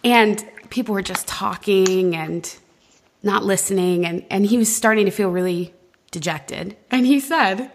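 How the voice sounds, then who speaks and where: A woman co-hosting a faith talk show who tells stories in an easy, chatty way. Her speech is loose and conversational, and it is scattered with "like". Her pitch is average for a woman. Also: measured pace, slight background noise. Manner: conversational storyteller with filler "like". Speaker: podcast co-host. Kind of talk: casual faith discussion.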